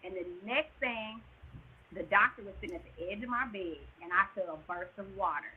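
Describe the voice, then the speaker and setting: A woman telling an emotional birth story as a podcast guest, animated and sometimes near-shouting. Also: mid-range voice, a little fast, a little hiss or hum. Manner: animated, rises to near-shouts at tense moments. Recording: tinny phone line.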